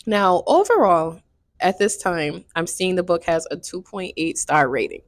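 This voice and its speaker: A woman's voice: lowish voice, animated, unhurried, dry recording, studio quality. A woman chatting casually to her viewers in a book review vlog. She swears freely and keeps checking in with her audience.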